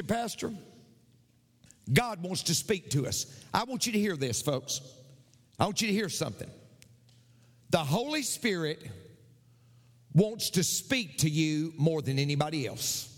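A man's voice: on the high side, big-room sound. A male pastor preaching a sermon, repeating his points with emphasis.

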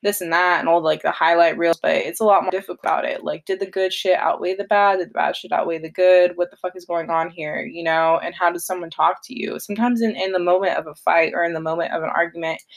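A woman's voice: on the low side, creaky. A young woman hosting a solo podcast, talking in a blunt, confessional way with a lot of swearing. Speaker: podcast host. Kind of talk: casual solo podcast monologue.

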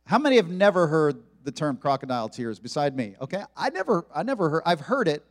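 A man preaching a sermon to his congregation, joking and animated as he talks. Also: on the high side, quick pace, big-room sound. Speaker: pastor. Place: church sanctuary.

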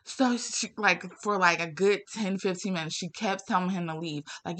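A young woman vlogger rants to camera in a casual, profane vent, firing off exasperated rhetorical questions. She talks at normal speed with few pauses, her slightly bright voice leaping up in pitch as she gets worked up.

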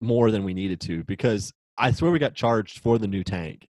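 A man in his twenties co-hosting a casual podcast, telling a story in an animated, exasperated way. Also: fairly low pitch, normal speed, dry recording, rough recording. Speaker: podcast co-host. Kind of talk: casual chat.

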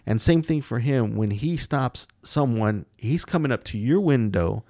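A man's voice: medium pitch, expressive, measured pace, mellow, no echo. A man in casual chat, reasoning earnestly with an occasional dry one-liner.

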